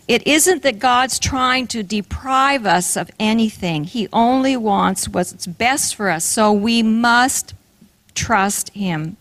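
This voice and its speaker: A woman's voice: a little high, takes it slowly, a bit bright, dry recording. An older woman preaching a sermon, telling a personal story in an earnest way and asking the audience questions.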